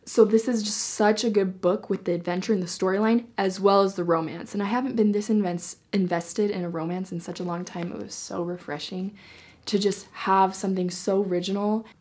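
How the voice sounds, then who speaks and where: A young woman excitedly reviewing a novel in a casual vlog, gushing and peppering her talk with "like". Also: medium pitch. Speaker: book reviewer.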